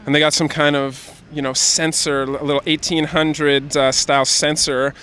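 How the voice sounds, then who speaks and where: Playful storyteller on the street, smooth clean voice, mid pitch. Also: flat delivery, moderate pace, fairly bright tone. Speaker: interviewee. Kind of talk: casual chat.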